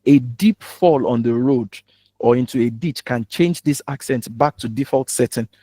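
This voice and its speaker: A man's voice: medium pitch, normal speed, dark tone, no echo. A man with a Nigerian accent coaching on public speaking, in a teasing, humorous and direct way. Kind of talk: spoken teaching talk.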